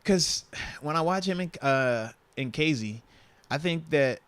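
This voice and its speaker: A man hosting a casual sports podcast, relaxed and slangy, talking into a lapel mic. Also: on the high side, a little slow, smooth, no room sound. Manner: laid-back, slangy, says "bro" and "man". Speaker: podcast host.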